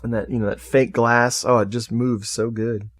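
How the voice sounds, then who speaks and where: A man's voice: medium pitch, little pitch movement, moderate pace, no room sound, studio quality. A man co-hosting a podcast, recapping a horror film in casual chat and laughing at his own jokes. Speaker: podcast co-host.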